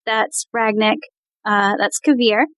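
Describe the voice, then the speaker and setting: A woman's voice: medium pitch, slow pace, fairly bright tone, no room sound, rough recording. A woman playing a tabletop game in casual chat, polite and a bit unsure. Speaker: player.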